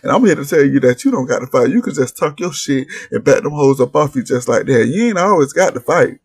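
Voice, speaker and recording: A man's voice: a little high, animated, fairly quick, darkish tone, slightly rough. A man hosting a casual reality TV recap vlog, blunt and profane as he reads viewers' posts and mocks the cast. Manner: brash, blunt, profane trash-talk with laughs.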